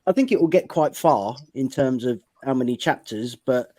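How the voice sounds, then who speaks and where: A British man with a middle-pitched voice hosts a podcast and explains things casually, circling back over his own phrases. The recording is dry and close. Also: expressive, moderate pace, dark tone, dry recording. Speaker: podcast host. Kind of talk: casual chat.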